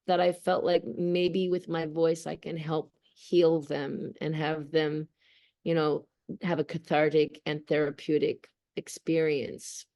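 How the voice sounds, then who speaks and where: A woman's voice: sits low, darkish tone. A woman actress being interviewed, speaking earnestly and emotionally about her work. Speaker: voice actress guest. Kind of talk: interview conversation.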